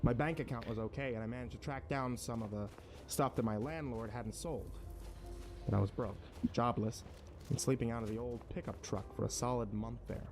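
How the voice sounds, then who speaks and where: A man's voice: medium pitch, fairly even intonation, a little fast, a little mellow, lightly acted. A man narrating a first-person horror story as a weary drifter, dry and matter-of-fact. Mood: wry.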